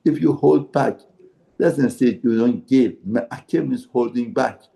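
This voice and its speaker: A middle-aged man with a Persian accent, giving a short mussar lesson as a rabbi, animated and full of rhetorical questions. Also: medium pitch, a little slow, creaky, poor audio. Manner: animated, rhetorical questions, acts out what people shout. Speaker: rabbi teaching a Torah lesson.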